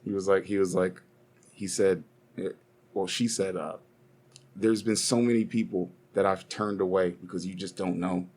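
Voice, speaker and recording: A man's voice: deep voice, fairly even intonation, moderate pace, a little mellow, husky. A young man co-hosting a casual podcast, rambling and swearing as he argues and tells stories. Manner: profane, rambling, heated storytelling. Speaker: podcast co-host.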